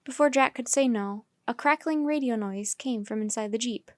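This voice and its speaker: A woman gently reading a children's chapter book aloud as storyteller. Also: a little high, moderate pace, dry recording, studio quality.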